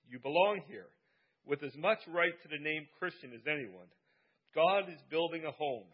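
A man's voice: fairly high pitch, husky, highs cut off. Earnest preacher man, repeating for emphasis. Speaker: pastor. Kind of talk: sermon. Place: church service.

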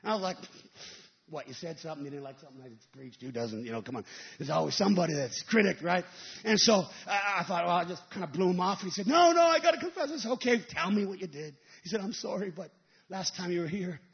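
A male evangelist preaching a sermon, telling stories and rising into emphatic shouted peaks. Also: high-pitched, lively intonation, quick pace, vocal fry, lo-fi sound.

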